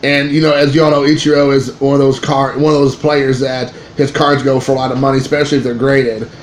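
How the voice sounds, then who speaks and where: Excitable rambling man in echoey room. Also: medium pitch, brisk. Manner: rambling and excitable, with many restarts and fillers. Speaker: card collecting vlogger. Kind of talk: casual storytelling to camera. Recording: echoey room with faint ambient noise.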